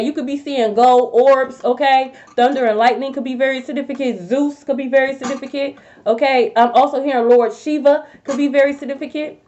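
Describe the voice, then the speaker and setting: A high-voiced young woman gives a tarot reading on a live stream. She talks bluntly and confrontationally, swearing freely as she calls people out. The audio is muffled and lo-fi. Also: darkish tone. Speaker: tarot reader.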